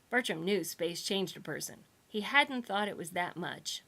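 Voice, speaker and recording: A woman's voice: medium pitch, lively intonation, normal speed, hardly any pauses, bright, forceful tone. A woman reading her own humorous sci-fi book aloud with wry, playful narration.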